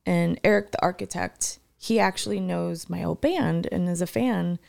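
A woman in casual chat, telling stories in an animated way and swearing often. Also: fairly low pitch, normal speed, vocal fry.

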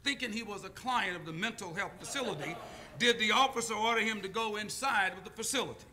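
Male preacher, high bright voice, storytelling sermon with call-and-response. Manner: call-and-response, deliberate pauses.

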